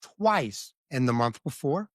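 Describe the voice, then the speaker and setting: A man's voice: mid-range voice, big pitch swings, takes it slowly, dry recording. A man in mid-range tells his own story as a podcast guest. He is blunt and vivid, and often stops to ask if the listener is with him. The room sound is dry and close. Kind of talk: candid personal storytelling.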